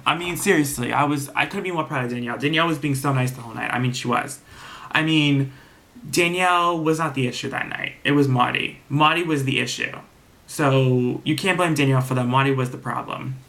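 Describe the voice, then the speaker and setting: Bright-voiced man recapping reality TV. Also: a little high, creaky. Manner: animated, profane, retells scenes in quoted voices. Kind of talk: casual episode recap.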